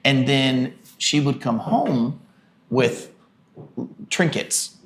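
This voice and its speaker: A man's voice: medium pitch, lively intonation, extremely slow, a little hiss or hum. A man co-hosting a casual podcast with his wife, chatty and self-deprecating, acting out what he said in quotes. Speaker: podcast co-host, pastor. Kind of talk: casual conversation.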